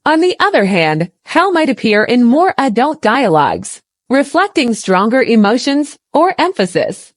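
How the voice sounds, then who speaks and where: A woman narrating a scripted English lesson in a clear, explanatory way, acting out example phrases. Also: on the high side, very animated, a little slow, no echo, studio quality. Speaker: English teacher.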